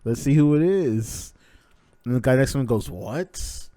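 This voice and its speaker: A man reacts live to a manga chapter, reading it aloud in a middle-pitched voice. He gets excitable and swears freely. The sound is close and dry, with no room echo. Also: normal speed, smooth.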